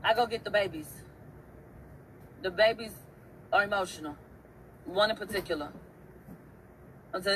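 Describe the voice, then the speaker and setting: A woman's voice: medium pitch, normal speed, pauses often, a bit bright, slight background noise, rough recording. A woman hosting an online show, telling a story in a casual, emphatic rant. She swears often and repeats phrases for effect.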